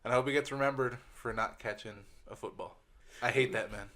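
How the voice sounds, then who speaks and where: Casting: podcast co-host, man, sharp bright tone, blunt and profane. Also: mid-range voice, steady tone, fairly quick. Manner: blunt, swears a lot. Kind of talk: casual chat.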